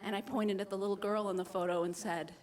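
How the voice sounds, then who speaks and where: Speaking quickly in a medium-pitched voice, a young woman from the United States performs a personal tale at a live slam. She's animated and mocks herself while doing the voices of those she met, and a faint hiss or hum runs underneath.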